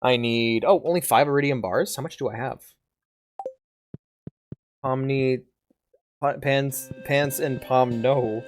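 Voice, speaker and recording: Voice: mid-range voice, slow pace, long pauses, soft background music. A VTuber streamer giving casual live gameplay commentary, playful and giggly, swearing casually and meowing now and then.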